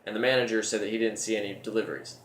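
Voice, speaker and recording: A man's voice: on the low side, fairly even intonation, rapid-fire, a bit bright, a little hiss or hum. Rambling storyteller man, echoey room. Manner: rambling, repeats words while telling the story. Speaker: show host telling a personal story. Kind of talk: casual storytelling monologue.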